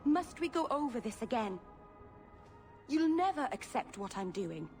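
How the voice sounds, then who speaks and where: An earnest young elf mage. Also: female voice, a little high, big pitch swings, measured pace, darkish tone, soft background music. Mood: defensive.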